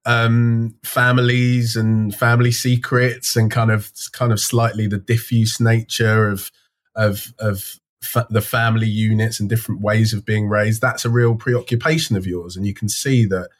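A man's voice: on the low side, little pitch movement, moderate pace. Playful male interview host. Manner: playful, reflective, rambling questions with restarts. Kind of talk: casual interview chat.

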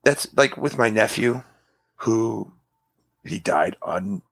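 A man's voice: on the low side, expressive, slow pace, vocal fry, a bit bright. A man in casual conversation, telling personal stories and acting out what people said. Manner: storytelling, acts out quotes, laughs along. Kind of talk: casual chat.

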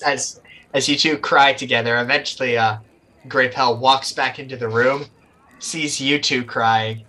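A man's voice: medium pitch, fairly even intonation, a little slow, pushed and bright. A man narrating a tabletop game as game master, casual with lots of fillers.

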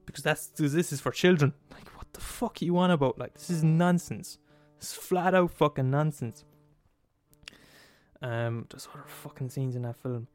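A man's voice: fairly high pitch, moderate pace, darkish tone, faint music behind. A man hosting a podcast, delivering a comedic rant full of swearing and emphatic repetition. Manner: profane, emphatic, laughs at his own points. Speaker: podcast host.

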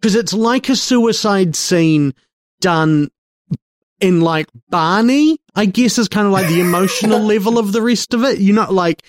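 A man co-hosting a film podcast in casual discussion, talking haltingly and wryly as he searches for words. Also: high voice, no room sound, clean studio sound.

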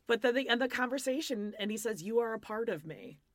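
A woman's voice: a little high, fairly quick, no room sound. Chatty woman in her fifties. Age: 50s. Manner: animated, acts out quotes, swears casually. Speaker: podcast co-host. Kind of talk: casual chat recapping a reality show.

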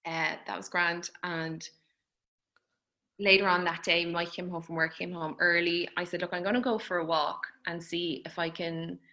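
A woman's voice: fairly low pitch, steady tone, normal speed, bright, forceful tone, low-quality recording. A woman with an Irish accent, chatty and often laughing, casually telling her birth story and acting out the dialogue.

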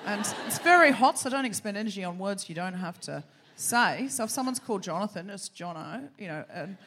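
A woman's voice: medium pitch, lively intonation, brisk, fairly bright tone. An Australian woman hosting a live comedy podcast on a theatre stage, teasing and bantering with the audience. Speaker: podcast host. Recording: live theatre with crowd and faint noise.

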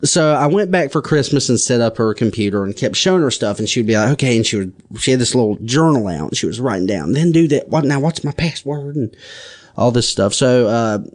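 A young man chatting casually, telling animated stories. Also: mid-range voice, quick pace. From United States. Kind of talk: casual chat.

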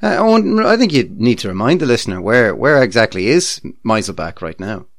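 A young man with a lowish voice joins a podcast as guest co-host, trading dry, mock-formal jabs. His speech stumbles through restarts. The sound is close and dead dry. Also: big pitch swings, a little fast, dry recording. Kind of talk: casual chat.

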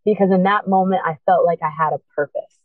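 A woman's voice: lowish voice, fairly even intonation, a little fast, dry recording. A woman sharing a personal testimony, telling it earnestly and with emotion, acting out remembered dialogue. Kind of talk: personal storytelling. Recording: tinny phone-like sound, dry.

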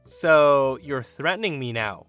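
A man's voice: mid-range voice, lively intonation, measured pace, a bit bright, faint music behind. A man reading a story voices an entitled, defensive mother who talks in a dismissive, indignant way, with a voice close to his own. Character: entitled defensive mother, middle-aged woman.

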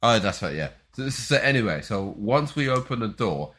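A man with a low but lively voice tells a story in loose, casual chat. His tone is bright, and he stumbles over his words and restarts sentences often. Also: normal speed. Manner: rambling storyteller, stammers and restarts.

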